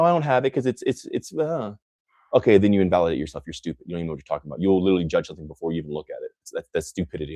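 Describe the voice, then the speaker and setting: A man with a very low voice speaks intensely and emphatically, hammering phrases through repetition as he answers viewers. The sound is dry and close, with no room around it. He turns scornful when he talks about critics. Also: a little mellow, no room sound. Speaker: host answering live comments. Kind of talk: motivational livestream talk.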